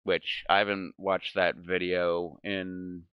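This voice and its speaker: A man's voice: sits low, level tone, slow pace, smooth, dry recording, muffled recording. A man hosting a gaming channel, telling a story in casual chat. He rambles, swears a lot and keeps saying "like". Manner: rambling, profane, fills speech with "like".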